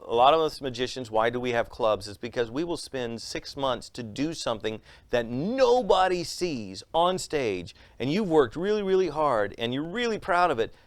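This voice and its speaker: A man's voice: medium pitch, normal speed, few pauses, no room sound. A man, a comedian and magician, telling stories in an interview and acting out the voices of the people in them. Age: adult with a young son. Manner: lively storyteller acting out quotes in raised voices. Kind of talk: animated interview storytelling.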